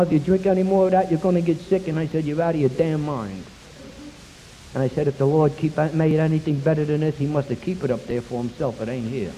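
A man's voice: fairly high pitch, dark tone. An older man from New York telling his life story bluntly to an audience, speaking about recovery from drinking. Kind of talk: personal recovery talk to an audience. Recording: hissy recording in a reverberant hall.

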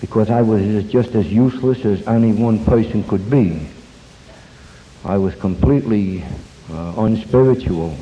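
An older man telling his life story at a recovery meeting, folksy and self-deprecating, pausing and restarting as he goes. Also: fairly low pitch, mellow. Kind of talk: personal story talk with jokes. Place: meeting hall before an audience. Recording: dull lo-fi tape, long hall reverb.

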